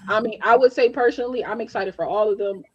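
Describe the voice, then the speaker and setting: A woman's voice: on the high side, quick pace, highs cut off, a loud crowd. A woman co-hosting a casual group chat, talking emphatically and repeating herself to press a point. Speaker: podcast co-host.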